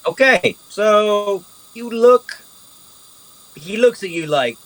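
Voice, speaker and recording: A man narrating a tabletop game as game master, animated and casual, swearing freely. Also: mid-range voice, unhurried, low-quality recording.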